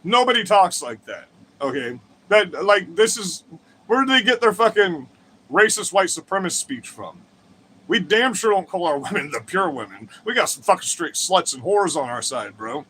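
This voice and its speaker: A man's voice: high voice, sing-song, moderate pace, sharp tone, a little hiss or hum. A man hosting a livestream, ranting crudely and combatively to his chat, swearing often and wandering off on digressions. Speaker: livestream host. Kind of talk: profane political rant to live chat.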